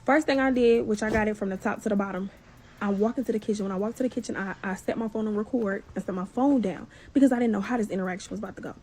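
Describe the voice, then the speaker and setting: A woman vlogger telling a story in a casual, animated, profane way, acting out each person's lines. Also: mid-range voice, racing, slight background noise. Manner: animated, profane, acts out dialogue.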